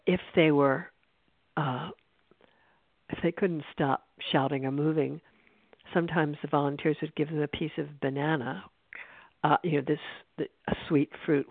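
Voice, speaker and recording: A meditation teacher giving a spiritual talk in an unhurried, reflective way, with frequent restarts, over a tinny phone-like line. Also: mid-range voice, no echo. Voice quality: creaky.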